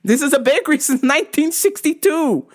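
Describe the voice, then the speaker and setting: A woman's voice: sits high, lively intonation, a little fast, voice pushed up. A woman voicing a cheerful woman working at a bakery, bubbly and eager to serve.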